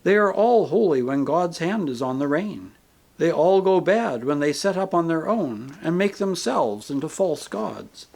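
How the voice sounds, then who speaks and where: A man voicing a gentle, patient male spirit who speaks calmly and kindly, reasoning with a grieving soul in an audiobook. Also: on the high side, unhurried, creaky, heavily acted. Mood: earnest, firm. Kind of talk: audiobook character reading.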